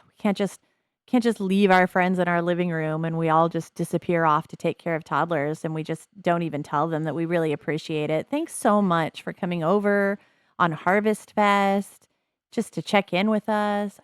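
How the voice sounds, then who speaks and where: A woman's voice: lowish voice, moderate pace, clear, resonant tone, no echo, clean studio sound, lightly acted. A woman voicing a tired young husband and father in a life-simulation game, weary and earnest.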